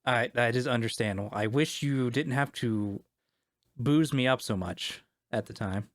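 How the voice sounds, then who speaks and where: A man's voice: medium pitch, normal speed, no room sound, studio quality, close to an everyday voice. A man playing a polite young woman academic. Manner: plain voice, no attempt at an Italian accent.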